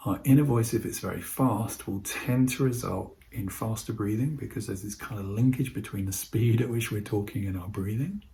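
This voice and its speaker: A man giving an instructional talk on voice techniques, speaking in a calm, measured way and slowing his speech with deliberate pauses. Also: fairly low pitch, vocal fry. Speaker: presenter teaching voice techniques to healthcare staff.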